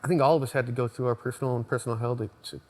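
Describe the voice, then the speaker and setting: An American man in a band, talking in a lively way and often mimicking his bandmates during a casual interview. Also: medium pitch, rapid-fire. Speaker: band member.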